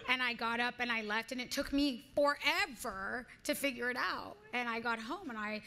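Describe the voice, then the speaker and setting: A woman in her thirties being interviewed on a live event stage, telling stories in an earnest, animated way with frequent restarts. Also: fairly high pitch, moderate pace, slight background noise. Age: 30s. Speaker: guest actress. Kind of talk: onstage interview conversation.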